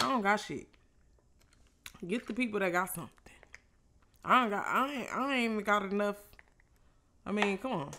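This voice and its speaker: A woman vlogger telling a casual story while eating, loose and profane, with animated reenacted exchanges. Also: mid-range voice, noisy background.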